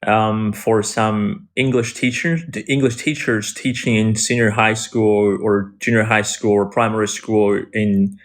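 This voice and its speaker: A man's voice: fairly low pitch, steady tone, unhurried, hardly any pauses. A man from China chatting casually in English on a livestream, talking in a hesitant way with frequent restarts and fillers. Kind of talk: casual English practice chat.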